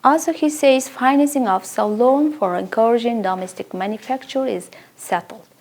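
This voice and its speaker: A woman's voice: a little high, moderate pace, a little mellow. A woman presenting English-language news, reading a script in a careful, formal way.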